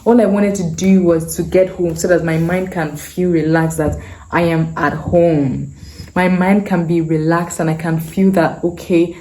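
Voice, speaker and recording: Mellow-voiced woman telling her story. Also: lowish voice. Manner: earnest, repeats herself for emphasis. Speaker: vlogger telling a personal story. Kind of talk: casual storytelling. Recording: echoey room.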